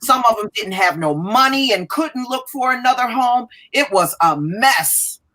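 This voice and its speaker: A woman's voice: on the high side, lively intonation, unhurried, bright, forceful tone. A woman co-hosting a casual chat, earnest and opinionated as she recalls the past and makes her points. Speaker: podcast co-host.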